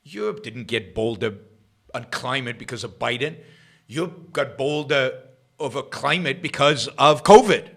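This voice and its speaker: A middle-aged man hosting a political talk livestream, sarcastic and rambling, jumping between loud emphasis and quiet muttered asides. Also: medium pitch, lively intonation, measured pace, vocal fry. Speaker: host of a political talk show. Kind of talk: livestream commentary.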